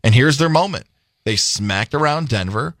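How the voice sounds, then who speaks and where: A man's voice: medium pitch, expressive, normal speed, a bit bright, no echo, studio quality. A man co-hosting a sports radio show, playful and jokey, breaking down upcoming games in casual chat. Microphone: studio microphone.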